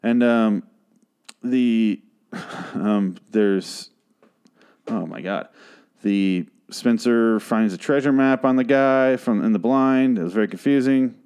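A man casually recapping a TV episode in a sarcastic, profane, rambling way, sometimes trailing off into quiet mutters. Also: medium pitch, takes it slowly, clear, resonant tone. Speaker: show recap host.

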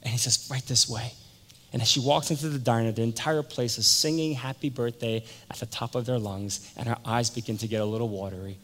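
A man's voice: mid-range voice, steady tone, brisk, fairly bright tone. A male pastor giving a sermon, telling a story and acting out the voices of the people in it. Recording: long hall reverb.

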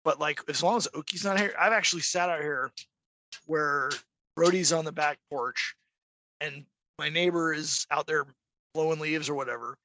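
Male podcast guest, animated storyteller, bright and dry. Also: fairly high pitch, moderate pace, no echo. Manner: animated storyteller, imitates barking dogs. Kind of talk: casual chat.

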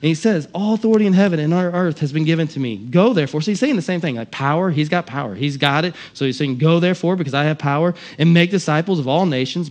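Man, pastor, sermon, impassioned, slightly raised pitch. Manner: impassioned, swings from loud emphasis to quiet asides.

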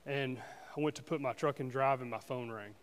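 A man giving a personal testimony at a church service, speaking earnestly and haltingly with frequent restarts. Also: mid-range voice, fairly even intonation, in a large hall. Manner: earnest, halting, with many restarts and "you know"s.

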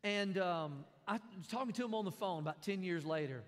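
Male pastor, high-pitched, folksy preaching in a reverberant church hall. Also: brisk. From American South. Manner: conversational preaching with jokes and repeated phrases. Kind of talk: sermon.

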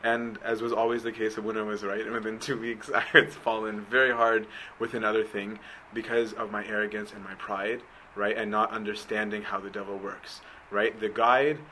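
A man's voice: fairly low pitch, level tone, moderate pace, sharp tone, a little hiss or hum, low-quality recording. A man giving a conversational church teaching. He reads a passage aloud, then explains it informally, checking in with "right?" and pressing his points earnestly. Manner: earnest and emphatic in exhortation.

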